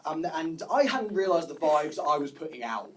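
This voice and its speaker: A young man doing a stand-up set, talking in restless bursts full of restarts, swearing and quick laughs. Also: a little high, very animated. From United Kingdom. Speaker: stand-up comedian. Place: small comedy club stage. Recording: live club recording with background noise.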